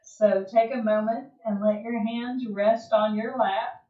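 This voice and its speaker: A woman leads a yoga class in a calm, gentle voice, letting long pauses sit between her cues. She speaks very slowly and stays at an ordinary pitch. The sound is distant, roomy and a little dull, like a livestream picked up from across the room. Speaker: yoga instructor. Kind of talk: guided yoga class instruction. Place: home or studio room, livestream.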